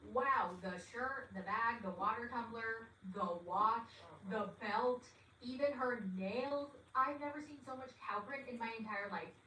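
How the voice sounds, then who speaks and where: A woman's voice: a little high, sharp tone, recorded from a distance. A woman giving a chatty, sarcastic recap of a show, with dramatic asides. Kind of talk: casual recap commentary. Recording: echoey room, voice set back from the mic, faint hiss.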